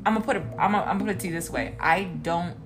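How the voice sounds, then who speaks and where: A young woman talks casually on a podcast, her voice a little low for a woman. She is animated and laughs often, jumping into high excited bursts. Music plays clearly behind her. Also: racing. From Asian descent, Korean heritage. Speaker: podcast co-host. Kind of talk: casual chat.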